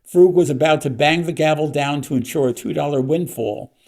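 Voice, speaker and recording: A man, an author, reading his mystery novel aloud with steady storytelling. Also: fairly high pitch, brisk, gravelly.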